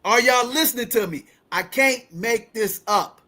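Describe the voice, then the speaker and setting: A woman's voice: fairly high pitch, a little slow. A woman in her fifties hosting a podcast, telling a story dramatically and calling out to the audience. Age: 50s. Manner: dramatic, addresses listeners as ladies and gentlemen. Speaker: show host.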